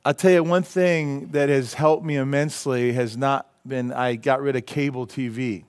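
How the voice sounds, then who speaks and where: A man's voice: mid-range voice, fairly even intonation, normal speed, darkish tone, clear, resonant tone. A male pastor preaching a sermon in a church, joking and laughing at his own jokes as he goes. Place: church sanctuary.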